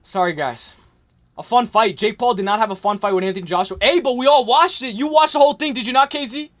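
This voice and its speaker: High-voiced young man ranting on a livestream. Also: quick pace. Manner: ranting, repetitive, profane, yelling at times. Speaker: livestream host. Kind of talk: heated livestream rant.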